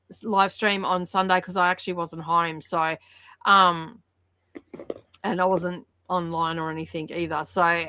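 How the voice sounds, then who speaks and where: A woman's voice: fairly low pitch, sharp tone, smooth, no room sound. A woman hosting a casual reading livestream, chatty and laughing often, with lots of fillers. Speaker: livestream host. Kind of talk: casual chat with viewers.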